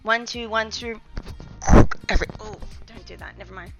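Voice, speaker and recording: A woman's voice: medium pitch, normal speed, over loud music, low-quality recording. A young woman chatting casually with her live-stream chat from a home room, playful and talkative. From Australia. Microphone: desk mic, testing distances.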